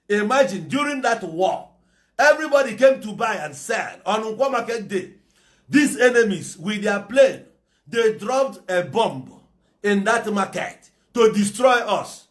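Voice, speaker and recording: A Nigerian political commentator with an Igbo English accent delivers a fiery, preachy, impassioned monologue, slipping into Igbo phrases along the way. His voice sits high and sounds a bit bright.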